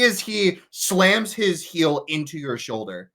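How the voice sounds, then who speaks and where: A man running a tabletop game as game master, narrating haltingly with many fillers. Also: on the high side, very animated, sharp tone, a little hiss or hum.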